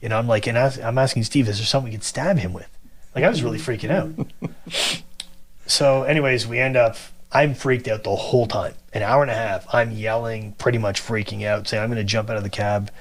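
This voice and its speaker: A man casually telling a long personal story, animated and acting out the people he quotes. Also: mid-range voice, fairly quick. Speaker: guest telling his story.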